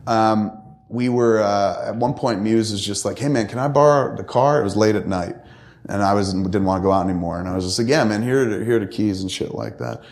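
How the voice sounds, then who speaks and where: A profane, animated man in his fifties spins a long story as a podcast co-host. He acts out the people in it as he goes, and his voice sits fairly low. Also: fairly quick. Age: 50s. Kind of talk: casual storytelling.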